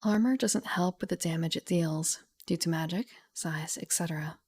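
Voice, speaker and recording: A young woman streamer reading a game rulebook aloud at home into a studio mic, softly and half-whispered, with chatty asides. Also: fairly low pitch, moderate pace, breathy edge. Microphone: studio mic with pop filter.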